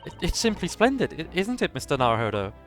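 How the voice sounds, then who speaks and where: A polite, eager young female assistant, put on by a man. The voice sits far above his own and sounds bright and courteous. Soft game music lies underneath. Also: a little high, big pitch swings, fast talker, voice pushed up.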